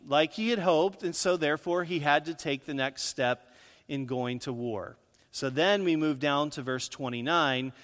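A male pastor preaching a sermon in an animated way, his voice rising on points of emphasis, in a church sanctuary. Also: fairly high pitch, long reverb tail.

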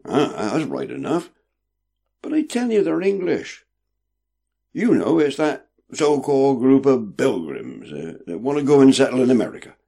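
Man doing a croaky, knowing old sailor. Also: medium pitch, huge pitch swings, moderate pace, warm tone, voice pushed up, full character voice. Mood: knowing, matter-of-fact.

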